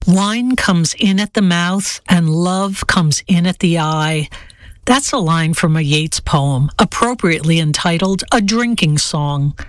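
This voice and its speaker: Woman reading a book review real slow n deliberate. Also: fairly low pitch, dry recording. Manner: deliberate, read aloud. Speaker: book critic.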